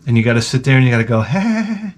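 A man ranting casually to the camera, profane and wry, acting out quotes as he tells funny stories. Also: fast talker. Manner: animated storytelling, acts out quotes in a high voice. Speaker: vlogger. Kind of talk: casual comedic rant.

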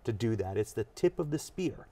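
A man, a technology executive, explaining ideas with energy in a studio interview. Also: mid-range voice. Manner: energetic, explanatory, fast bursts. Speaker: chief technology officer, guest.

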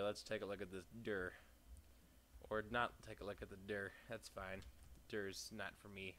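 A young man with a smooth, lowish voice gives casual, profane commentary on a let's play. He reads game text aloud, tosses in sarcastic asides and bursts out loudly now and then.

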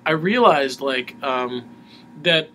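Bright-voiced man, halting chatty talk. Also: mid-range voice, animated, slight background noise. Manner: halting, many restarts. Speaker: musician guest. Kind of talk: casual interview chat.

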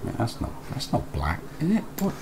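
A man's voice: medium pitch, wildly swooping pitch, moderate pace, noisy background. A man live streaming a building game, chatting casually, reading and answering his chat aloud and muttering to himself as he works.

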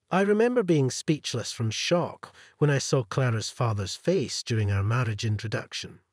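A man narrating a scripted first-person story in a steady, even read. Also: medium pitch, slightly rough, no echo, studio quality.

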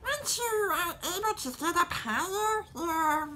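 A young man voicing a high, squeaky male robot sidekick with a broken voice modulator, chatting about how the voice is made. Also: animated, unhurried, sharp tone, full character voice. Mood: chatty. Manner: pushed up high, explaining chattily.

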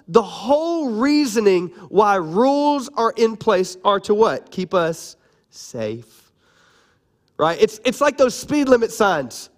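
A pastor in his thirties preaching a sermon, fairly high-voiced for a man and a little hoarse from cough medicine. He talks in a casual, joking way, with lively swings between loud, punchy lines and quiet, mumbled asides. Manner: animated, conversational and joking, lively shifts between loud and soft.

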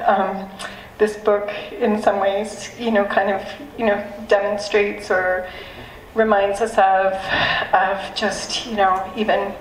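A woman poet addresses a live audience, her halting remarks full of pauses and emotion. The recording is roomy and echoey, picked up from some distance, with faint ambience of the room behind her. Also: mid-range voice, slight background noise. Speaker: poet introducing her work. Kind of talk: live poetry reading remarks. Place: live reading event in a room.

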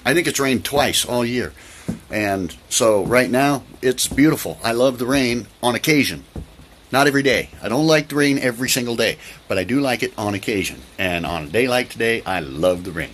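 A man with an expressive, slightly bright mid-range voice speaks at a normal speed, vlogging casually to camera indoors beside an open door. Rain falls outside, leaving light rain noise behind him, and he's chatty and repetitive, with plenty of ums.

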